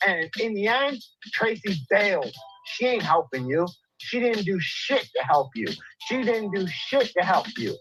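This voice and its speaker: An out-of-breath livestreamer pours out an angry, profane rant, circling back to the same jabs again and again. The voice sits at an ordinary middle pitch. Soft music plays faintly underneath. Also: big pitch swings, a little slow, poor audio. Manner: angry, profane, repetitive ranting.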